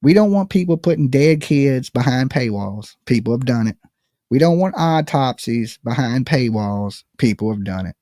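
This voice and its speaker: A man's voice: medium pitch, expressive, normal speed, mellow, no room sound, clean studio sound. A man hosting a live call-in stream, chatting casually and profanely, joking at his own expense and saying "okay" often. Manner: joking, self-mocking. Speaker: live call-in show host. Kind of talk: casual rambling livestream chat.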